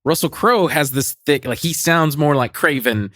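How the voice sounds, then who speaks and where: A man's voice: fairly high pitch, moderate pace, a bit bright, no echo, studio quality. A man co-hosting a podcast, ranting cynically in casual chat, swearing and laughing often. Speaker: podcast co-host.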